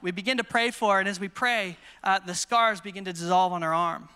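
American man, sermon storytelling, bright crisp voice, long reverb from a big hall. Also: high-pitched, fairly quick. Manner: storytelling, self-deprecating humor, repeats words when excited. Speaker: conference speaker. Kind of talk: sermon with testimony stories. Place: large conference hall.

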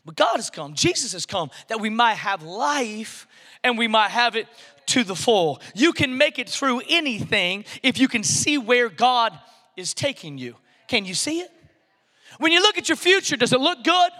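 A man preaching a sermon, building to shouted questions and dropping into playful, joking asides. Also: high-pitched, very animated, measured pace. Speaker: pastor. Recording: reverberant hall.

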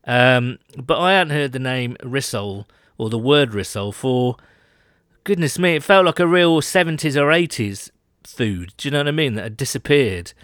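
A man's voice: mid-range voice, lively intonation, normal speed, fairly bright tone, no echo, studio quality. A British man co-hosting a podcast, chatting casually and self-mockingly with lots of fillers. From Britain. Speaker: podcast co-host. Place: home, London.

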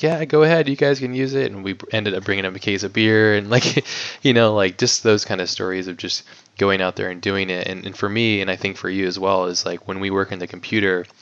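A man's voice: low-pitched, a bit bright, clean tone. A man talking as a guest filmmaker in a casual interview, rambling with lots of "like" and the odd swear word. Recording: dull lo-fi audio.

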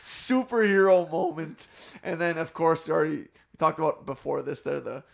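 Gravelly, upbeat man chatting about movies. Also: fairly high pitch, normal speed. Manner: enthusiastic, laughs often, rambling recaps. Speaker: podcast co-host. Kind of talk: casual movie discussion.

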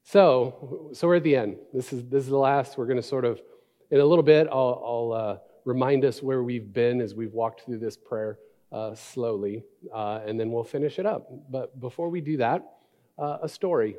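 A male pastor in his thirties preaching a sermon, reading scripture slowly and telling family stories. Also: mid-range voice. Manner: reads scripture slowly, then tells a lively family story. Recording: long reverb of a large hall.

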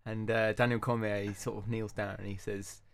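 A man co-hosting a casual podcast, laid-back and quick to laugh. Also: fairly low pitch, flat delivery, creaky. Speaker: podcast co-host.

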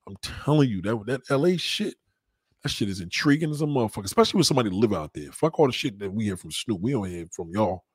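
A young man hosts a casual livestream and talks straight to his viewers. His delivery is rambling and profane, full of street slang and shout-outs. His voice sits fairly low and the sound is dry, with no room around it. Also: expressive, fast, breathy edge, no echo. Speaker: livestream host.

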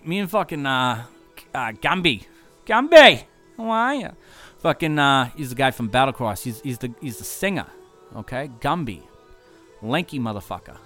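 A man recapping his tour days in a loose, wandering ramble, swearing every few words and filling gaps with "uh" and "like". His voice sits at an ordinary middle pitch, unhurried and offhand. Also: fairly bright tone. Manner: loose, profane, rambling with constant fillers. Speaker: touring musician.

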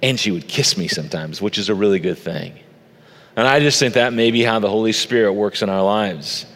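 Pastor preaching in a reverberant hall. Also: male voice, on the low side, a little fast, a bit bright. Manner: conversational, personal storytelling. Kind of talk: sermon. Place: church stage. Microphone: stage microphone.

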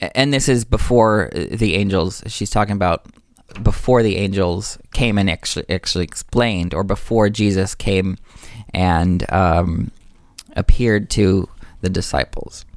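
A man's voice: deep voice, measured pace, no room sound, studio quality. A man talking earnestly and with enthusiasm about faith, explaining ideas and correcting himself as he goes. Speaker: religious discussion speaker. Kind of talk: earnest religious discussion.

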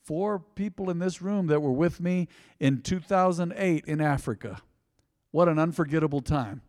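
A man's voice: a little high, moderate pace, a little mellow, in a large hall. A man preaching a sermon, telling stories in a conversational way and calling out to the congregation. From United States. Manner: conversational, storytelling, engaging the crowd. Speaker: pastor. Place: church hall.

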